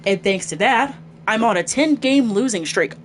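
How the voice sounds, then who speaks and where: A woman reading game lines aloud as a hot-headed, foul-mouthed young male gang leader, gruff and swearing. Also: a little high, animated, normal speed, a little hiss or hum, lightly acted.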